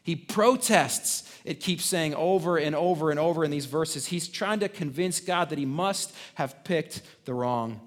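A man with a fairly high speaking voice preaches a sermon in a loose, conversational way. He restarts his phrases often and checks in with the congregation through tag questions. His delivery rises to loud, emphatic points and then drops away quietly. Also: unhurried, hardly any pauses. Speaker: pastor.

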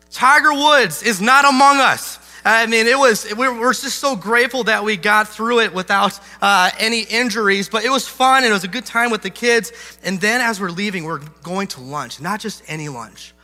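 A man in his thirties, a pastor telling a funny family story in a sermon, self-deprecating and animated. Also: sits high, moderate pace. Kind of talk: sermon illustration with humor. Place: large church hall. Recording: hall reverb with faint music.

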